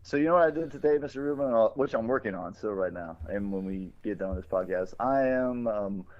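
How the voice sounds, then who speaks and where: A man's voice: on the low side, fairly quick. Rambling, cursing man on a podcast. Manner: rambling, profane and animated. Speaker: podcast co-host. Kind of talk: casual podcast chat. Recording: dull lo-fi recording.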